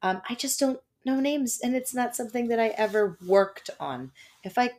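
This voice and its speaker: A woman with a fairly high, darkish voice speaking at normal speed co-hosts a podcast from home beside a fireplace. The talk is casual and rambling, and she laughs a lot.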